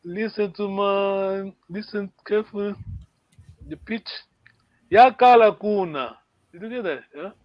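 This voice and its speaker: Here the teacher's voice sits high and stays steady, moving at a measured pace through dull, echo-free audio. It's an online language lesson where he repeats words patiently and checks comprehension by asking "yeah?"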